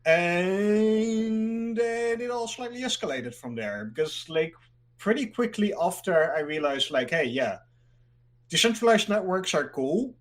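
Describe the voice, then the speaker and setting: A man's voice: high voice, expressive, a little slow. A man from the Netherlands, a guest in a casual interview, rambling and filling his talk with "like.". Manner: rambling, fills speech with "like", laughs easily.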